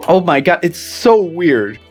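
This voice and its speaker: Rambling podcast co-host, stumbling and laughing. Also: male voice, big pitch swings, slow, faint music behind. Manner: rambling, stumbles and repeats words, laughs often; mimics voices in high squeals when retelling. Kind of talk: casual chat.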